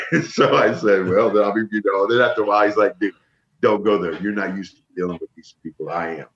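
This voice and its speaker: A middle-aged man from the northern United States telling animated stories as an interview guest, acting out what others said. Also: fairly low pitch, fairly quick, echoey room, slight background noise. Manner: animated storyteller, acts out quotes. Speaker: interview guest, former wrestler. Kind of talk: casual storytelling. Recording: dull lo-fi sound.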